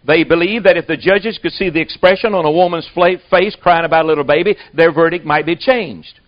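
A man's voice: a little high, brisk. A man preaching a sermon to a congregation, with a folksy storytelling manner. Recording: dull lo-fi recording.

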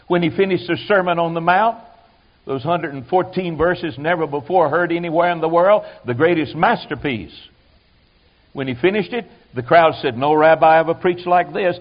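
Animated preacher, lo-fi recording. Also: male voice, fairly high pitch, moderate pace. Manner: animated, acts out quoted voices, drops to quiet asides. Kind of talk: sermon. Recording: dull lo-fi sermon recording.

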